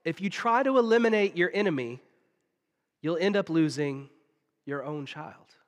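Man, preacher, storytelling sermon, slightly high voice, long hall reverb. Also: animated. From Southern United States. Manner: storytelling, dramatic pauses, drops to a hush.

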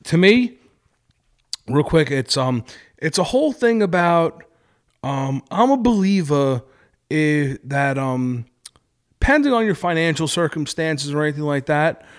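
A man's voice: on the high side, big pitch swings, measured pace, smooth. A man, a podcast guest, chatting casually, joking around and rambling with lots of fillers. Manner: joking, rambling, fillers, talks over the host. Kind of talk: casual chat.

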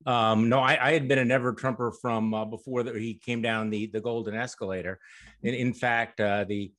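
Man, emphatic interview guest. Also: fairly low pitch. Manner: fluent, emphatic storytelling. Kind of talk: interview answers.

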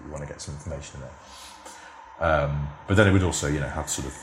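A man's voice: very deep voice, fairly quick, reverberant, slight background noise. A man, a former TV script editor, telling stories as a podcast guest in a rambling, anecdotal way full of "sort of" and "you know". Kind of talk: casual interview storytelling.

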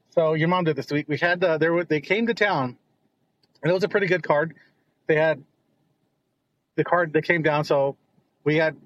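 A man's voice: on the high side, no room sound, lo-fi sound. A middle-aged man, the host's father, telling family stories in a casual, rambling way, often repeating words as he goes. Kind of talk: casual storytelling.

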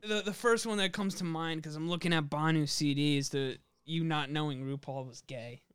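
Young guy on a podcast, kinda high voice, smooth, cursing and goofing around. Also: fairly even intonation, normal speed, a bit bright, no echo, clean studio sound. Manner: joking, swears freely, lots of fillers. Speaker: podcast co-host. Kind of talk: casual chat.

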